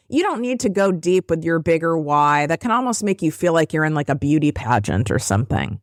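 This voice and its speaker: A woman podcast host with a lowish voice delivers a raw motivational monologue while close to tears. She talks bluntly and swears freely, often leaping up in pitch for emphasis. The recording is close and dry. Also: sing-song, fairly quick, few pauses, dry recording. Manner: blunt and profane, voice rising into high emphatic peaks. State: tearful. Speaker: podcast host and business coach.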